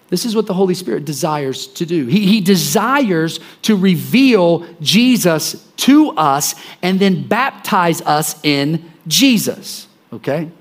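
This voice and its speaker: A man preaching a sermon in a conversational way, often repeating words and checking in with the listeners. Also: a little high. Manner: conversational, repeats phrases, acts out scenes.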